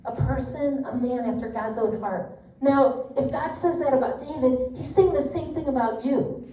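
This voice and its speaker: A middle-aged woman teaches a women's Bible study in a relaxed, candid way, full of asides. Her voice sits a little high with a mellow tone. The mic is some way off, and the room echoes around her. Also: normal speed, a little hiss or hum. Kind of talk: casual teaching talk. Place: church meeting room. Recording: roomy echo, distant mic.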